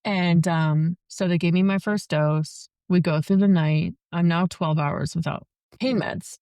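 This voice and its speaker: Chatty young woman, lowish voice. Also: fairly even intonation, a little slow, a little mellow, clear, resonant tone, dry recording, studio quality. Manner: chatty, many "like" fillers. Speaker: podcast guest. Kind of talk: casual storytelling.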